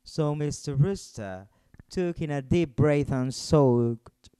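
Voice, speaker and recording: A man reading a children's story aloud in an expressive storytelling manner. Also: mid-range voice, slow, smooth, dry recording.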